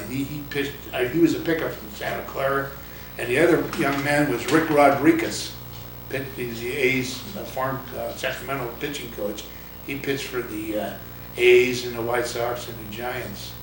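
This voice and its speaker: A man's voice: medium pitch, a bit bright, slight background noise. An older man, a former baseball coach, talking bluntly in a casual interview, rambling with fillers. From California. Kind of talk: casual oral-history interview. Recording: roomy, distant mic, faint ambience.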